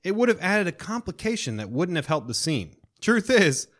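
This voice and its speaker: A man hosting a casual podcast chat, his pitch bouncing up and down as he jokes his way through the news. He sounds playful and loose, laughing often. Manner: playful, jokey, with lively pitch and quick laughs. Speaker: podcast co-host.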